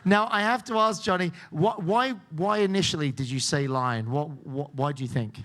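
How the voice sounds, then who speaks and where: A man's voice: a little high, normal speed, a bit bright. A man hosting a game show, joking and teasing the contestants and laughing often. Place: cruise ship show lounge.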